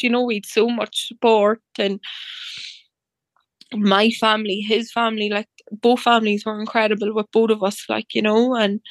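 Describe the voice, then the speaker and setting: A woman's voice: mid-range voice, no room sound. A woman telling a personal story in casual chat, acting out what people said to her with many fillers. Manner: chatty, acts out reported dialogue, many fillers like "like".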